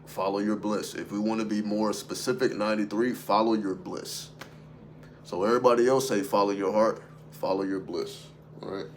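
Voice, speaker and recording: A man's voice: lowish voice, steady tone, normal speed, a little hiss or hum. A man talking off the cuff on a livestream as a spiritual content creator, emphatic and profane, throwing rhetorical questions at his viewers. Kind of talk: unscripted livestream monologue.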